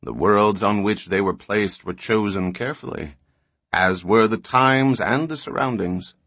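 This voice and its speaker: A man's voice: lowish voice, measured pace, fairly bright tone, no room sound. A man voicing a grave, patient old male scholar in an audiobook.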